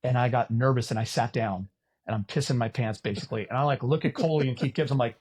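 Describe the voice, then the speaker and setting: A man in his fifties from California, an animated podcast guest telling stories, acting out quotes and swearing casually. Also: mid-range voice, quick pace, husky. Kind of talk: casual storytelling chat.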